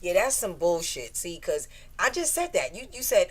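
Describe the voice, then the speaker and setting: A woman comedian on a podcast, chatting casually, swearing often and acting out quotes loudly. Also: fairly low pitch, big pitch swings, moderate pace, poor audio. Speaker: comedian guest.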